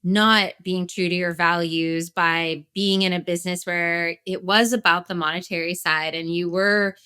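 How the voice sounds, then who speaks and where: A woman's voice: lowish voice, steady tone, moderate pace, pushed and bright, clean tone, no room sound, studio quality. A woman co-hosting a casual podcast chat, talking with passion and emphasis. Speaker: podcast co-host.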